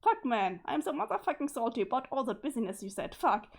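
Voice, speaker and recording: A laid-back male clown troll who drawls and swears constantly, voiced by a woman. The voice sits a little husky. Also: sits high, big pitch swings, fast talker, exaggerated voice.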